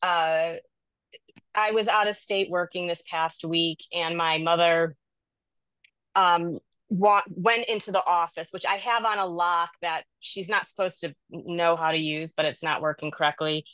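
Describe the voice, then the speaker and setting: A woman's voice: on the low side, steady tone, unhurried, a bit bright, clean tone, dry recording. A middle-aged woman on a video call, telling a rambling, self-deprecating story about caring for her mother. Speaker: caregiver sharing in a support group. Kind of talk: candid personal story in a video call group.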